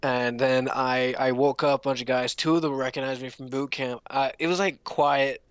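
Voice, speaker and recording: A young man telling a long story casually, rambling with restarts and pitching up to mimic others. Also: fairly even intonation, normal speed, clear, resonant tone, no echo. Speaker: podcast co-host. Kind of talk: casual storytelling among friends.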